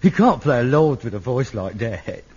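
An actor playing a grumpy, indignant working-class son. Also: male voice, medium pitch, big pitch swings, moderate pace, darkish tone, breathy edge. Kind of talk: sitcom acting. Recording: dull lo-fi old TV recording.

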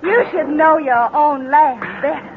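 A woman's voice: high voice, measured pace. An actress playing a cold, vengeful young wife who taunts her husband in theatrical 1940s radio style. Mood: gloating, vengeful. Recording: tinny lo-fi old radio recording with hiss.

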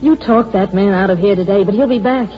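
A woman's voice: medium pitch, a little fast, natural voice. A woman playing a sarcastic, emotionally torn secretary in a 1940s-style radio drama, on a dull old recording with faint music underneath. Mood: pleading. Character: sharp-tongued female secretary, bitter and torn.

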